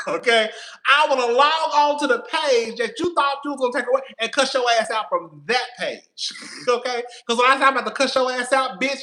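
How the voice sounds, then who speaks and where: Speaking in a very high, pushed and bright voice, this man hosts a casual live stream for his reality TV commentary channel. He addresses his viewers directly, and he's sassy, profane and long-winded about it.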